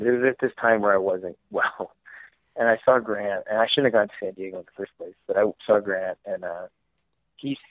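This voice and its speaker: A man talks candidly as a podcast guest, wandering through his thoughts, restarting sentences and chuckling between them. His voice sits on the lower side and comes through a tinny, phone-like line. The sound is dry and close, with no room around it. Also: no room sound. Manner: rambling, self-interrupting, laughs often. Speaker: comic book writer guest. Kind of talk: candid conversational storytelling.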